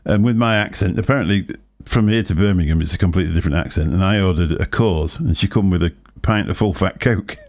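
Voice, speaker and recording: An older man hosts a casual livestream chat, telling anecdotes and laughing often as a chatty storyteller. He talks fast with few pauses, in a low voice with a darkish tone.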